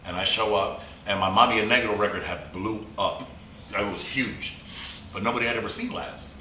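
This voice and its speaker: A man's voice: fairly low pitch, normal speed, pushed and bright. A man DJ in a casual interview, joking and swearing as he acts out dialogue in his stories. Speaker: DJ guest. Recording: echoey room, slightly distant, faint noise.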